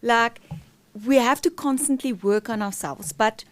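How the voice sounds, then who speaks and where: A woman's voice: a little high, measured pace, no room sound. A middle-aged woman, a podcast guest, telling a candid, emotional personal story with many fillers and restarts.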